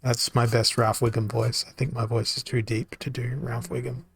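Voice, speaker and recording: A man streaming a card game, thinking aloud in a halting, self-mocking way, his voice tired and worn from talking. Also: mid-range voice, flat delivery, a little hiss or hum. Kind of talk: casual live-stream commentary.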